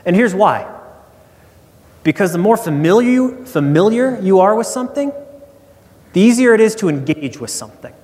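A man's voice: high-pitched, big pitch swings, moderate pace, long pauses, a little mellow. Conversational male preacher in a reverberant hall. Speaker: pastor. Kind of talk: sermon.

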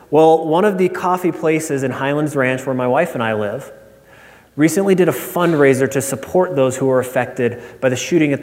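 A man preaching a sermon as pastor, telling stories in an engaged, conversational way. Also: a little mellow. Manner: storytelling, acts out a joke with rising pitch. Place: church sanctuary. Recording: long hall reverb.

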